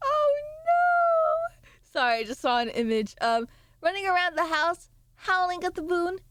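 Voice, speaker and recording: A woman's voice: extremely high pitch, animated, normal speed, fairly bright tone, no room sound, clean studio sound. A woman streamer chatting casually with viewers, sleepy and playful, rambling with sudden squeals and mock voices. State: sleepy, yawning.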